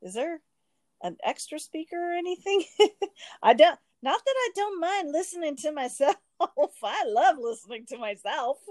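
A woman hosting a casual chat on a video call, giggly and telling lively stories. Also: high voice, normal speed, no room sound.

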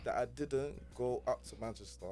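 A man's voice: medium pitch, normal speed, warm tone, soft background music. A man co-hosting a football podcast, talking animatedly and sounding gloomy about his team. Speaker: podcast co-host. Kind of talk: casual chat.

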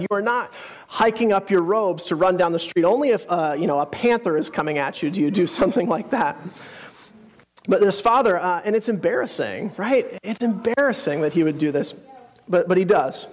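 A man's voice: sits high, expressive, a little fast, in a large hall. A man preaching a sermon, telling a story in a conversational, earnest way with casual asides.

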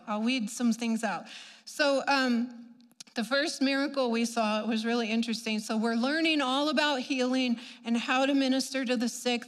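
A woman with a high voice tells a church testimony with animated storytelling, slipping into the voices of the people she quotes. Her voice rings out with a long reverb, as if in a big hall. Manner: animated, acts out quoted voices, laughs at herself. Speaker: church speaker giving a testimony.

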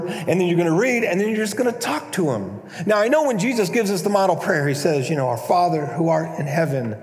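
A man preaching a conversational, animated sermon as a pastor, now and then acting out prayers in a mock-pompous voice. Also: on the high side, a little fast, few pauses. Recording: echoey hall, long reverb.

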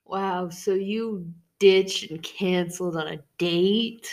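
A woman co-hosting a casual podcast, reacting with blunt, teasing remarks and quick laughs. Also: lowish voice, a little mellow. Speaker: podcast co-host. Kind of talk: casual chat.

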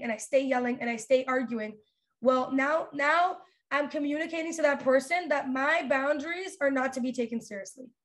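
A young woman hosting a podcast, giving casual, animated advice with many fillers and restarts. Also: high-pitched. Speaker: podcast host.

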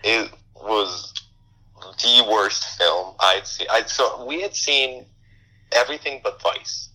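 Dry, sarcastic young man with a low voice. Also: lively intonation, slow, pushed and bright, rough recording. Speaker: podcast co-host. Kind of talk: casual film review chat.

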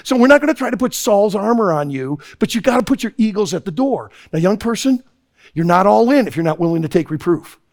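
A man's voice: high voice, animated, brisk. A man preaching a sermon to young people, emphatic and repetitive, weaving in a story.

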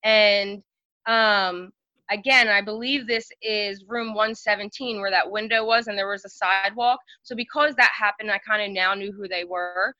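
A woman's voice: mid-range voice, fairly even intonation, normal speed, bright, forceful tone, no echo. A woman telling stories as a podcast guest, chatty and full of fillers. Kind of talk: casual storytelling. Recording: dry, slightly dull lo-fi sound.

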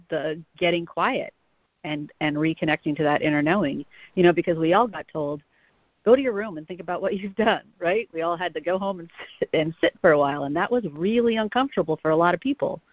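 A woman's voice: low voice, brisk, no room sound. A woman guest on a podcast, talking in a reflective way and laughing easily. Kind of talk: casual interview chat. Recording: dull, dry sound.

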